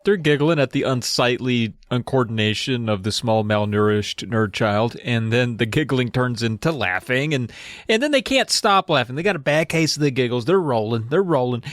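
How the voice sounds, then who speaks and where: A man co-hosting a podcast who retells a story with a playful, giggly delivery. His mid-pitched voice sounds dry and close, with no room around it. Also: expressive, moderate pace, fairly bright tone, no room sound. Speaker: podcast co-host. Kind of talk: casual chat retelling a story.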